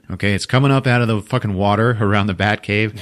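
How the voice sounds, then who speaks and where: A man's voice: on the low side, quick pace. A man hosting a podcast, casually retelling a movie plot in a loose, profane way and laughing often. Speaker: podcast host.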